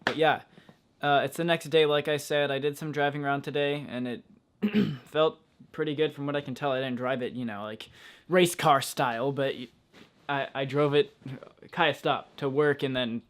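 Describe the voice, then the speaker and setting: A man's voice: on the high side, fairly even intonation, moderate pace, no room sound. A young man vlogging casually outdoors around his car, talking frankly and swearing in exasperation. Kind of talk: casual vlog.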